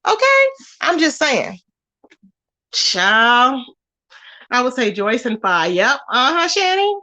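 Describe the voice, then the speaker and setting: Sassy high-voiced woman livestreamer. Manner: sassy, animated, quick to laugh. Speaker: livestream host reading chat. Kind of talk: casual livestream chat.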